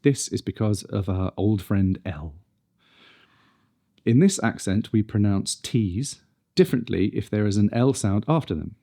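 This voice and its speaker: A man's voice: on the low side, measured pace, gravelly, dark tone. A man teaching a pronunciation lesson, carefully demonstrating consonant sounds one at a time. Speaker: speech coach.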